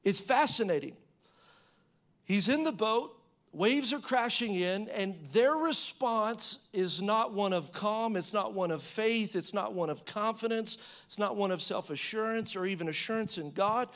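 A man preaching a sermon in a conversational style, asking the audience rhetorical questions and acting out quotes with rising pitch and volume. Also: unhurried, fairly bright tone. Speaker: pastor.

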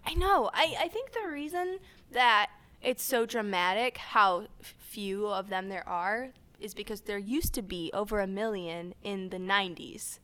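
A woman co-hosting a podcast, casually explaining facts about an animal in a relaxed, chatty way. Her voice sits at an everyday pitch, and she laughs easily along the way. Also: unhurried. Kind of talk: casual chat.

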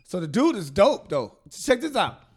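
A man telling a funny story in casual chat, animated and profane, laughing often as he talks. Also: high voice, normal speed, breathy edge.

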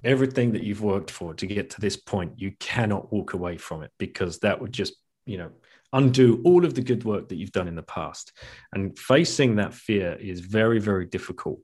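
A man's voice: fairly low pitch, animated, moderate pace, darkish tone, breathy edge. A middle-aged man, a guest author, telling his story candidly in a reflective conversational way, often restarting and laughing. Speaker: guest, author and podcast host.

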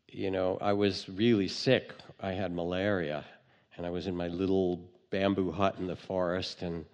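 A man giving a dharma talk as a meditation teacher, telling stories gently with light humor. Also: deep voice, long reverb tail.

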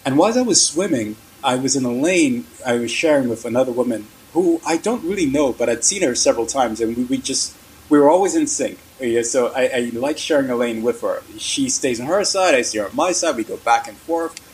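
A man's voice: medium pitch, lively intonation, a little fast, darkish tone, rough recording. A man telling a story as an interview guest, in a casual, rambling, conversational way.

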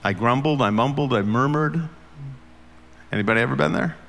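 Gravelly-voiced preacher guy, earnest, chatty sermon, lots of hall echo. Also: mid-range voice, very fast, fairly bright tone. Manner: earnest, conversational, asks the congregation questions. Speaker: pastor. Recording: long hall reverb.

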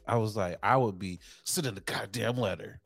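A young adult man co-hosting a casual podcast, telling profane, animated stories and acting out what people said. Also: lowish voice, moderate pace, vocal fry, no room sound, soft background music. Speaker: podcast co-host. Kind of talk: casual chat.

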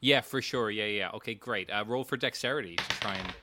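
A man's voice: fairly low pitch, a little fast, heavy background noise. A man, running a tabletop game as game master, joking and laughing often.

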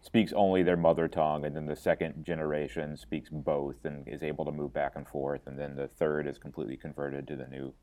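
A man from Florida co-hosting a podcast, cracking wry jokes and musing out loud in casual chat. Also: extremely low pitch, level tone, brisk, few pauses. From Florida, USA. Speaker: podcast co-host.

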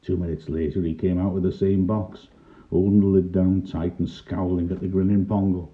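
Older male storyteller, wry and dry, deep voice on a tinny phone-like recording. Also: level tone, moderate pace. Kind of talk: reminiscing first-person story narration. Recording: tinny lo-fi narrow-band recording.

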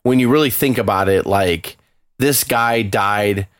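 A man's voice: lowish voice, a little slow, fairly bright tone, no room sound, studio quality. A man co-hosting a podcast, talking casually and emotionally with a lot of swearing and bursts of anger. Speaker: podcast co-host.

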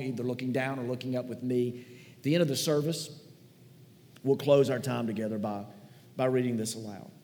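A male pastor delivers a sermon in an easy, folksy, conversational way, drifting into warm sentimental storytelling. His voice sits at an ordinary middle pitch. A long reverb from the big hall trails behind every phrase. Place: large church hall.

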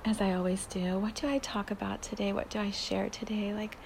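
A woman hosting a spiritual podcast, talking in a soft, dreamy way that often sinks into a breathy whisper. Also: medium pitch, flat delivery, a little fast, slight background noise. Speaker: podcast host.

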